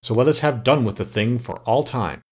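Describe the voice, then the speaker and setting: Practical storybook elf king; a man reads him, gravelly delivery. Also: mid-range voice, lively intonation, a little fast. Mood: matter-of-fact. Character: practical male king of the light elves.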